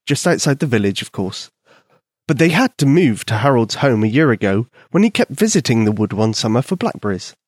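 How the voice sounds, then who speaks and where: A man gently narrating a bedtime story for young children in an expressive storytelling manner. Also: mid-range voice, no room sound, clean studio sound.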